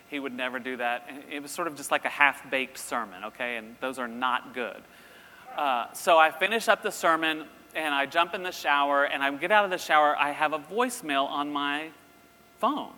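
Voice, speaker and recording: A middle-aged man telling a lively story in a sermon, acting out voices as he goes. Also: on the high side. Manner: animated, acts out voices in his story. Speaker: university president giving a talk. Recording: long reverb in a hall, faint ambience.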